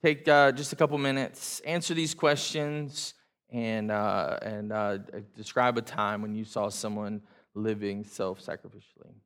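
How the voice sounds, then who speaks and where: A man's voice: lowish voice, fairly even intonation, measured pace, fairly bright tone, clean tone. A man leading a church gathering, talking casually to the congregation with self-deprecating jokes, many fillers and restarts. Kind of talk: casual joking talk to a congregation. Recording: reverberant hall sound.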